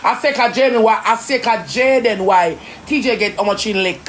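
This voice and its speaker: A woman with a Jamaican accent, ranting indignantly in rapid patois on a live stream. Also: medium pitch, slight background noise. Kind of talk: heated live-stream rant.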